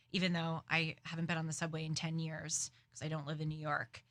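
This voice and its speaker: A young woman hosting a commentary show, telling a story in an animated, dramatic, self-aware way. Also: deep voice, moderate pace, dry recording. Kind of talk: casual political commentary.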